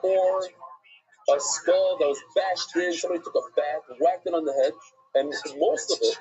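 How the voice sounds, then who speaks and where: A man teaching a Talmud class, animated and digressive, often restarting and acting out the rabbis he quotes. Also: on the high side, normal speed, breathy edge. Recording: dull lo-fi recording.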